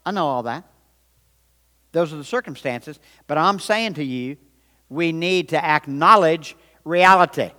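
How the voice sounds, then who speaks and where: Emphatic preacher with slow, bright delivery. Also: male voice, fairly high pitch. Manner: emphatic, repetitive, call-and-response with the congregation. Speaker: pastor. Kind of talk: sermon. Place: large auditorium. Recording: long reverb of a large auditorium.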